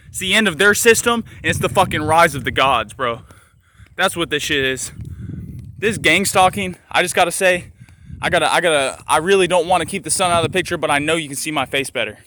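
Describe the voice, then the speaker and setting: A high-pitched man with a bright, cutting voice preaches a heated, profane spiritual rant into his phone outside in the sun. He keeps hammering the same phrases for emphasis. Faint street ambience and passing cars sit underneath. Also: slight background noise. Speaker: spiritual vlogger. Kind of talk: impassioned spiritual rant to camera. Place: outdoors in sunlight.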